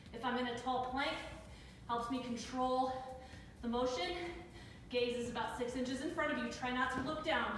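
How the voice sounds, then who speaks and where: Brief: young female fitness instructor, high voice, winded and encouraging, recorded from across a reverberant room. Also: sharp tone, slight background noise. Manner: upbeat encouraging cues, counting down reps. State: out of breath. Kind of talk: live workout coaching. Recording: echoey room with reverb, mic far off.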